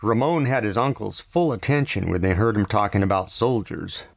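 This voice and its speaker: Low, gravelly male audiobook narrator. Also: normal speed, no echo. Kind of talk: scripted novel narration.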